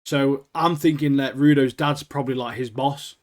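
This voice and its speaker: Brief: man, mid-pitched, loose rambling anime-podcast chat full of "like" and "mate". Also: steady tone, normal speed, darkish tone. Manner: rambling, laughs often, lots of "like" and "mate". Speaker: podcast co-host.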